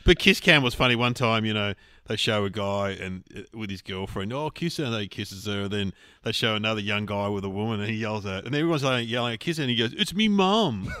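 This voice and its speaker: An Australian man in casual chat as co-host, animated and given to humming beats and singing snippets. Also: fairly low pitch, a little fast, smooth, no echo.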